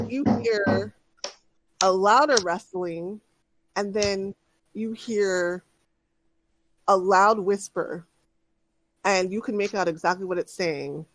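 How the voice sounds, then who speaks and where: Unhurried woman dungeon master. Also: mid-range voice, no room sound, low-quality recording. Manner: patient, stops to direct players. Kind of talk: narrating a tabletop game.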